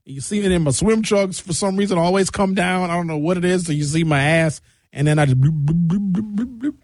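A man in his fifties hosting and reading viewer comments in an exasperated, animated comic rant. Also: a little high, fairly quick, no echo, clean studio sound. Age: 50s. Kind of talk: comedic rant.

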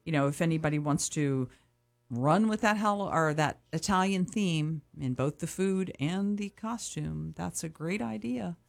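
A woman's voice: sits low, unhurried, vocal fry. A woman from an animal shelter's board, a guest on a radio chat, talking cheerfully and laughing easily. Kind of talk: casual radio interview.

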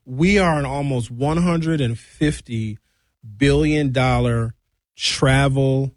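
A man hosting a talk radio show, chatting casually to listeners with lively slangy asides, from a studio mic. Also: mid-range voice, slow pace, no room sound.

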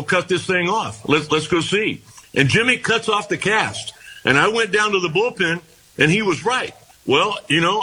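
Husky, bright-voiced older man telling stories. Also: high-pitched, poor audio. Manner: rambling anecdotes with repeated starts and quoted dialogue. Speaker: former baseball pitcher, guest. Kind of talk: casual storytelling interview.

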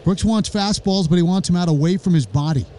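A man calls a live baseball game from the booth, brisk and a little wry, his voice mellow and rather high for a man. He tosses in jokes between pitches and lifts his voice on the big plays. A faint background noise sits under the call. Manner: brisk, wry, jokey asides, rising excitement on big plays. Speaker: play-by-play announcer.

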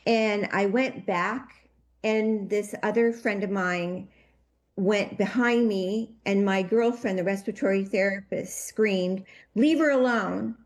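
A woman telling a personal story in an interview, her voice shaky with emotion and her telling halting and full of restarts. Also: mid-range voice, steady tone. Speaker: interview guest.

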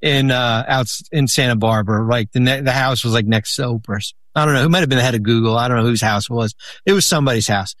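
A man's voice: medium pitch, quick pace, no echo. Guy rambling through old deal stories, lots of restarts, dry close sound. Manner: rambling, many restarts, animated when quoting. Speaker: guest, former basketball executive. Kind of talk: casual storytelling chat.

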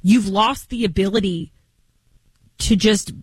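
A woman's voice: mid-range voice, measured pace, husky, dry recording, low-quality recording. A woman co-hosting a talk podcast, speaking in an impassioned, rambling way with frequent restarts. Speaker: co-host. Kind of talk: opinionated podcast commentary.

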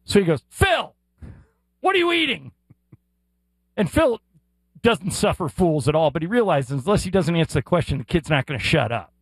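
A middle-aged man co-hosting a sports radio show, telling a story in an animated way and acting out the voices. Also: a little high, fairly quick, no echo, rough recording. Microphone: studio mic.

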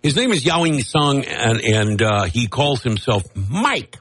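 A man's voice: mid-range voice, very animated, unhurried, hardly any pauses, fairly bright tone, slightly rough. A man hosting a casual political commentary monologue, mocking and wisecracking, rambling with asides and laughing at his own jokes. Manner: loose, rambling, with restarts and asides.

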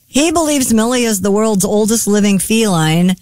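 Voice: medium pitch, lively intonation, normal speed, darkish tone, no room sound. Dry-sounding radio news reader. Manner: reads headlines then chats. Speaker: news segment reader on a show. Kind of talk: reading news items in casual banter.

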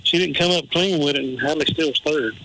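Man calling softball on radio. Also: fairly high pitch, vocal fry, noisy background. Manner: brisk, matter-of-fact calls. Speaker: play-by-play announcer.

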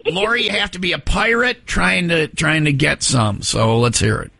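A man's voice: a little high, moderate pace, gravelly, bright, forceful tone. A man hosting a morning radio show, joking and teasing callers in playful banter. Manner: teasing, playful, self-mocking. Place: radio studio.

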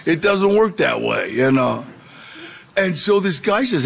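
A man telling his life story to an audience, lively and acting out the voices of the people in it. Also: a little high, a little slow. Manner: animated, gravelly storyteller who acts out quoted voices. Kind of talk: storytelling talk.

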